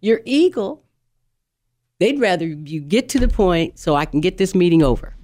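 A woman guest on a talk show, a leadership coach explaining communication styles in an animated, teaching manner. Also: on the low side, moderate pace.

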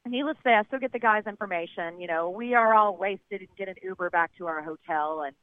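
A woman's voice: medium pitch, a little fast, no echo. Chatty young woman on a tinny phone line. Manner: chatty, rambling with many fillers. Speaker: caller. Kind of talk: casual storytelling over the phone.

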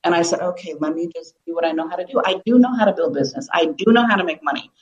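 Middle-aged woman, expressive storyteller, lower voice, roomy echo. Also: rapid-fire, highs cut off. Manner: animated, laughs often, acts out quotes. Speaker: guest, business coach. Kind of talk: emotional storytelling interview.

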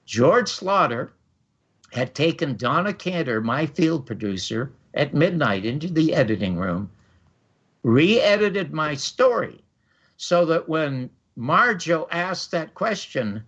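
A man's voice: a little high, very animated, slow pace, a bit bright, slightly rough. An older man hosting a talk show, telling a long personal story with energy and acting out the quoted voices. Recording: dull lo-fi audio.

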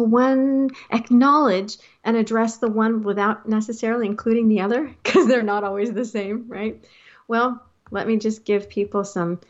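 A woman's voice: medium pitch, darkish tone, dull audio. A married woman hosting a motivational talk, advising listeners earnestly and laughing now and then at her own points. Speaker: host.

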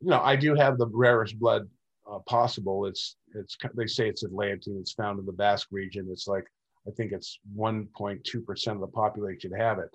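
A man's voice: fairly low pitch, steady tone, fairly quick, rough recording. Man telling a rambling story. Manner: rambling storyteller, acts out quoted dialogue. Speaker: interview guest. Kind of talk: recounting personal experiences.

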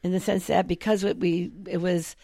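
A woman co-host with a low, gravelly voice who chimes in with quick, wry remarks. The recording is close and dry. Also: fairly even intonation, mellow, no room sound. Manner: supportive listener, quick wry asides. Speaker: radio show co-host. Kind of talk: casual comedic chat.

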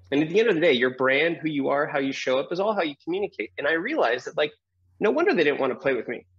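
A middle-aged man, a guest on an interview show, telling a personal story in a lively way, acting out the voices of people in it and laughing often. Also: medium pitch, slightly rough, muffled recording.

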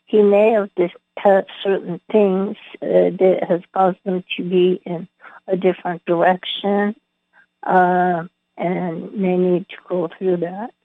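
A woman channeling spiritual guidance, slow and halting, with many pauses and fillers. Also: fairly low pitch, level tone, dry recording. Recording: tinny phone line.

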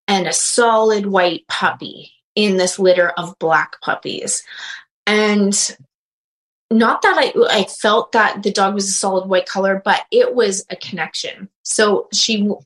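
A medium and animal communicator tells a story in a casual interview, acting out quotes with big leaps in pitch. Her voice is a bit bright, and the audio is poor.

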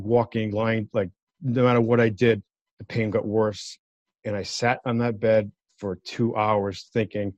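A man guesting on a talk show, telling a story in a lively way and acting out the voices of the people in it. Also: fairly low pitch, no room sound. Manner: animated, acts out quoted voices. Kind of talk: casual storytelling. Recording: dull lo-fi dry sound.

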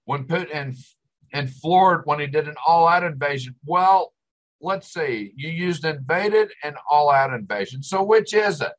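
A man's voice: a little high, normal speed, low-quality recording. An older man hosting a talk show, ranting with exasperation and sarcasm. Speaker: host. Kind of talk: ranting commentary.

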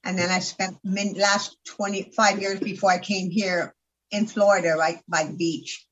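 A woman's voice: medium pitch, flat delivery, moderate pace, dull audio. A woman herbalist from California chatting as a radio guest, telling stories emphatically with many restarts. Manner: storytelling, emphatic, with repeated starts. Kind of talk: casual radio chat.

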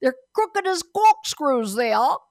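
A woman putting on a scornful male London taxi driver with a Cockney accent, loud and emphatic. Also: extremely high pitch, sing-song, slow pace, no room sound, studio quality, pitched above the performer's own voice, full character voice.

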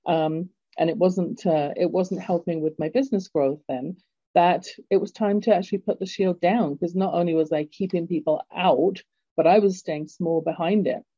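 A woman's voice: on the low side, normal speed, warm tone, husky, no room sound. A middle-aged English woman hosting an interview, telling a personal story in a reflective way. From England. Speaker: host. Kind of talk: interview conversation. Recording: dull lo-fi dry sound.

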